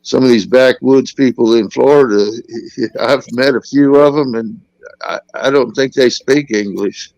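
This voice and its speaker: Gravelly man with a Southern drawl. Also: medium pitch, measured pace, darkish tone, dry recording, highs cut off. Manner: laid-back, rambling storyteller. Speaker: military veteran guest. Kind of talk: casual chat.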